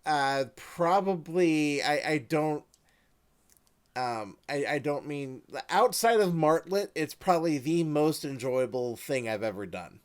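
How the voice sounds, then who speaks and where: A man's voice: a little high, lively intonation, slow, clear, resonant tone. A man, the creative director, chatting casually in a hesitant, guarded way. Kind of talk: casual chat.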